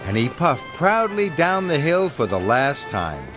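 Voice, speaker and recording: A man narrating a children's storybook in an expressive read-aloud manner. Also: on the high side, unhurried. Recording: narration over background music.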